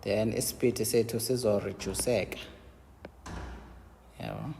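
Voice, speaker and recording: A man with a South African Xhosa accent teaching an engineering lesson, mixing English and Xhosa, explaining step by step and answering his own questions with quick checks like "yabo?". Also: on the low side, steady tone, gravelly, dark tone, in a large hall, a little hiss or hum. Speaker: engineering lecturer.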